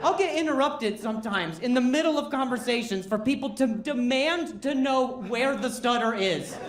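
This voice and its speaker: A man's voice: very high voice, animated, normal speed, echoey room. A man with a stutter performing a self-deprecating stand-up comedy set on a club stage. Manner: self-deprecating, wry storytelling with comic outbursts.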